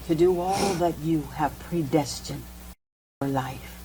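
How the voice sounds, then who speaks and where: A woman crying as she prays for forgiveness, pleading in a high, broken voice over soft music. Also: poor audio. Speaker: woman receiving prayer. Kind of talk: tearful repentance prayer.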